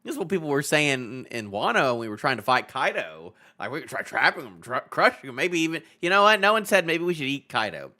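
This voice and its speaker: Dude doing a live manga reaction, super animated voice, bright, keeps cracking up. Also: male voice, medium pitch, fast, hardly any pauses. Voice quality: voice clear, no longer hoarse. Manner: excitable, laughs often, reads panels aloud and riffs on them. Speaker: manga reviewer streaming live. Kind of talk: live chapter reaction stream.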